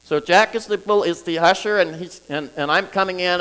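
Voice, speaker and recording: A man preaching to a congregation, talking in a halting way with many restarts and frequent chuckles. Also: high-pitched, fairly bright tone, smooth, poor audio. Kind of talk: sermon teaching. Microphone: recorded for viewers at home.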